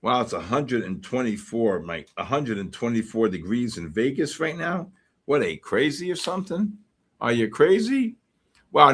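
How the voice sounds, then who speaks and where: A man from the Bronx, hosting a live futures trading stream and reacting excitably to the market while greeting viewers. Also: medium pitch. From the Bronx, New York. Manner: excitable, greets chat names in bursts. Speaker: host and futures trader.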